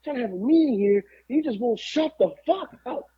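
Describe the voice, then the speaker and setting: A man doing an impression of a menacing, foul-mouthed man who yells and takes offense easily, in a much higher voice than his own. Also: animated, brisk, husky, muffled recording, full character voice. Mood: angry. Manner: yelling, profane.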